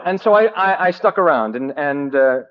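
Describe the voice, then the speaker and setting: A man's voice: on the high side, lively intonation. Wry man on an old tape. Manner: wry, self-mocking, halting with many fillers. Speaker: speaker at a recovery meeting. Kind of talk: personal recovery story told to a group. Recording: dull old cassette tape.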